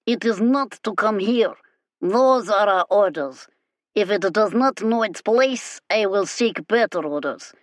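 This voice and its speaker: A woman's voice: medium pitch, lively intonation, measured pace, dry recording, clean studio sound, natural voice. A woman voicing a threatening, contemptuous male soldier, speaking in a clipped, hard manner. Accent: strong Magdan (fictional).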